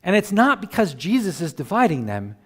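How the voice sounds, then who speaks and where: A man preaching a sermon as pastor, animated and conversational, chuckling between points and acting out quoted voices. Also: high voice, brisk. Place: church sanctuary. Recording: long church hall reverb.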